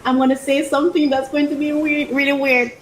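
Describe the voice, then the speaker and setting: A woman's voice: sits high, little pitch movement, fairly quick, a little hiss or hum, poor audio. A woman vlogger chatting casually as she unboxes, exclaiming often and laughing between phrases. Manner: thinks aloud about her life.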